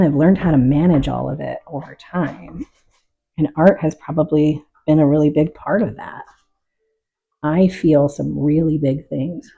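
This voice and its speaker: A middle-aged woman painter talking calmly and reflectively while she works, open about her feelings. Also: low voice, creaky, breathy edge, muffled recording. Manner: calm, reflective, openly emotional. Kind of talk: casual talk while painting.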